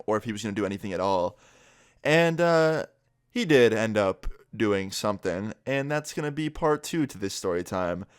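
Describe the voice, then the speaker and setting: A man's voice: lowish voice, no echo, clean studio sound. A young man telling a story to his vlog audience in a casual way, acting out the lines of the people in it. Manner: animated retelling, acting out quotes.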